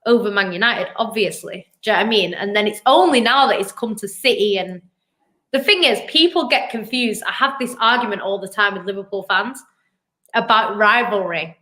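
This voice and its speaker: A woman's voice: medium pitch, a little fast, bright, forceful tone. A woman co-hosting a live football fan show, making her case in a chatty, argumentative way. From Manchester, England. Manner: chatty, argumentative, lots of "do you know what I mean". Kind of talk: casual live-stream football chat.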